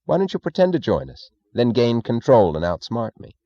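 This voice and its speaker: A man's voice: mid-range voice, sing-song, normal speed, mellow, no room sound, muffled recording, voice pushed up, natural voice. A man reading an audiobook, voicing a nervous, evasive male government leader who pleads and fidgets. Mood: helpless. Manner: pleading, fidgety, falsely casual.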